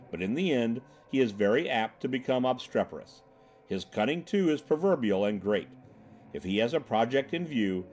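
A man's voice: medium pitch, darkish tone, slight background noise, close to an everyday voice. Suave elderly director in a storybook, put on by a male reader, confiding and genial.

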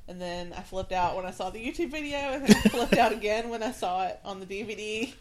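Excitable, giggly woman co-host. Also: mid-range voice, brisk, a loud crowd. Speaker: podcast co-host. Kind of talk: casual chat.

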